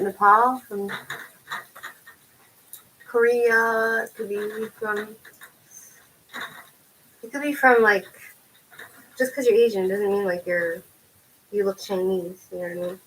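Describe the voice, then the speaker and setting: A woman's voice: mid-range voice, slight background noise, poor audio. A woman chatting casually with her live viewers in a rambling way, tossing them lots of questions. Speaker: tarot reader chatting with livestream viewers.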